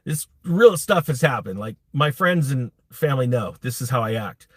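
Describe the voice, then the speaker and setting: A man's voice: mid-range voice, expressive, moderate pace, no room sound. Blunt guy ranting on his crypto stream, keeps restarting, dry close sound. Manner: blunt, rambling, self-interrupting. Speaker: crypto YouTube host. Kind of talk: live-streamed casual rant.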